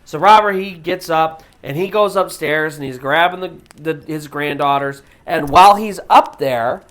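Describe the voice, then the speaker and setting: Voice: medium pitch, normal speed, fairly bright tone. A storyteller host retelling a true ghost story in a casual, conversational way, full of "you know" fillers.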